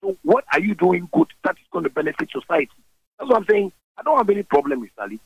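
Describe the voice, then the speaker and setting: Ghanaian guy on a radio interview, high-ish gravelly voice, swings all over, forceful. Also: quick pace, no room sound, dull audio. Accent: Ghanaian English. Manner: animated and forceful, switching languages mid-sentence. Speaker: interview guest, musician.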